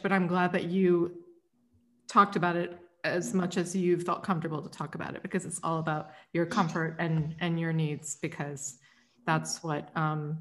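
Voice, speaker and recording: A woman's voice: low-pitched, flat delivery, normal speed. A woman journalist hosting a podcast, friendly and conversational as she interviews a guest. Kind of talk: casual interview chat.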